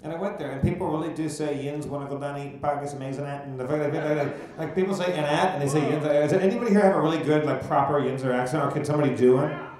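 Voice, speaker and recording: A man co-hosting a live comedy podcast, asking curious questions with halting, stammered restarts. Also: fairly high pitch, steady tone, darkish tone. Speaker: co-host. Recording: echoey theater with crowd.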